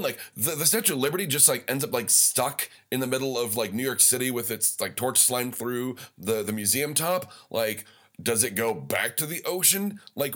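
Rambling, worked-up male podcast host. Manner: animated, rambling, many fillers and restarts, swears; gets worked up, pitch climbing when excited. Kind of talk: casual solo rant.

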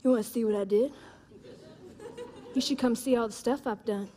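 A woman preaching a sermon puts on a lower, laid-back voice to imitate her easygoing husband. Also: moderate pace, mellow, natural voice. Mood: casual.

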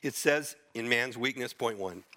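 A middle-aged man delivers a sermon in a bright, forward voice. He teaches earnestly through scripture, speaking off the cuff with small restarts along the way. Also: medium pitch, moderate pace. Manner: earnest, unscripted Bible teaching, with restarts and quoted verses. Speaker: preacher.

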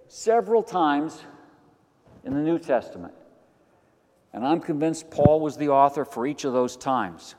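An older man preaching a sermon as pastor, animated, moving between quiet asides and loud emphatic lines. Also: on the high side. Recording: long hall reverb.

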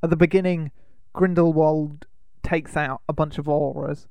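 A man's voice: a little high, steady tone, moderate pace, a little mellow, dry recording. A man co-hosting a podcast in casual chat. He teases his co-host and keeps the talk moving. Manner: teasing, steers the talk along.

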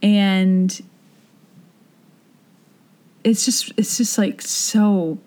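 Animated woman retelling a story. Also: medium pitch. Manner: animated, acts out characters' lines in quick voices. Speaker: podcast co-host. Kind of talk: casual chat retelling a musical.

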